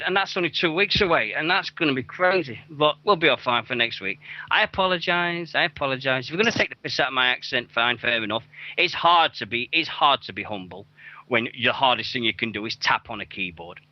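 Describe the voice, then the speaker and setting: A man's voice: mid-range voice, lively intonation, fairly quick, sharp tone, a little hiss or hum. A young man hosting a wrestling radio show, rambling through event listings with plenty of swearing and self-mockery. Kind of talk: casual show chat. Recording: dull lo-fi dry recording.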